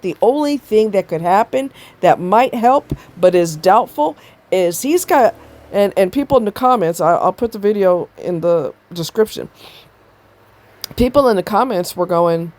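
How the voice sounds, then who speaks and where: A woman's voice: medium pitch, darkish tone, no echo. Exasperated woman ranting, blunt and profane. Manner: blunt, exasperated, swears freely. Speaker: commentator reacting to a video. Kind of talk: ranting commentary.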